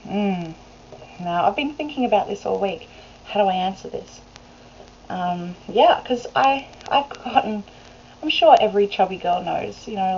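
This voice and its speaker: An Australian woman vlogger with a warm, mid-range voice chats casually to her webcam, rambling and laughing a lot. The recording is dull and lo-fi, with faint hiss.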